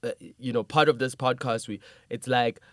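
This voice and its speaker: Animated man hosting a podcast. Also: medium pitch, normal speed, no echo, studio quality. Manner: animated and emphatic, laughs often. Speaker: podcast host. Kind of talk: conversational podcast interview.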